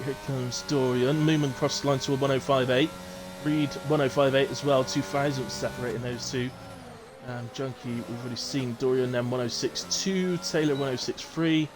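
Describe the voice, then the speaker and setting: A man in his thirties with a Bristolian accent, chatting casually as he commentates a live online sim race and reads out lap times. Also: medium pitch. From Southwest England. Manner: chatty, banters with chat between calling lap times.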